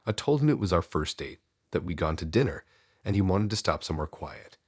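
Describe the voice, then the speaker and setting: A man narrating a first-person horror story in a calm, measured, scripted way. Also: low voice, husky, no echo, studio quality.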